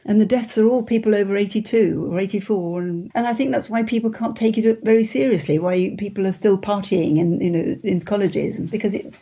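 A woman in her seventies from England, an interview guest, speaking in a soft-spoken, measured and modest way. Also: medium pitch, slightly rough. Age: 70s. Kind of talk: conversational interview.

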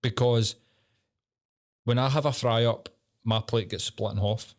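A man's voice: medium pitch, steady tone, unhurried. Sweary Scottish man chatting. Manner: sweary, banter-heavy, laughs often. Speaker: podcast host. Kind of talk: casual chat.

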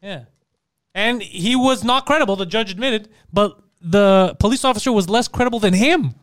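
A man co-hosting a podcast, telling a comedic story in a profane, animated way and acting out the voices of the people in it. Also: sits high, normal speed, dry recording, studio quality. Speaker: podcast co-host.

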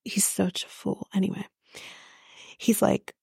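A young woman hosts a podcast, talking casually and bluntly, swearing freely and sounding exasperated as she recaps. Her voice is warm and mellow. The sound is dry and close. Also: medium pitch, fairly even intonation, a little slow, no room sound. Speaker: podcast host recapping a reality show. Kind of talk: casual chat.

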